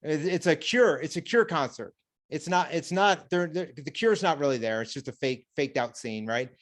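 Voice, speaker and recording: Man, podcast host, slightly high voice, chatty storyteller. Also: moderate pace. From United States. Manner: chatty storyteller, lively anecdotes. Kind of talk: casual podcast chat.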